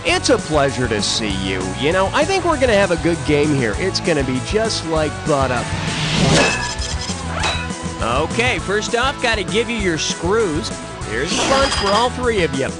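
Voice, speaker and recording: A man's voice: high voice, big pitch swings, moderate pace. A man playing a brash, jokey game show host, hosting a comedy quiz with wisecracks. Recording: game audio over loud music.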